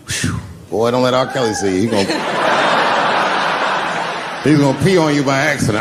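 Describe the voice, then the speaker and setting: A man's voice: medium pitch, expressive, moderate pace, long pauses, heavy background noise. A man doing a stand-up set at a comedy club, telling stories in a laid-back, profane way. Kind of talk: stand-up set with crowd work.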